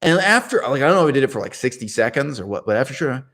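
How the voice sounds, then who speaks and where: A man's voice: medium pitch, sing-song, racing, fairly bright tone. A man hosting his own channel, telling a personal story in a digressive, self-correcting way and laughing at himself. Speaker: channel host. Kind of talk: rambling personal monologue.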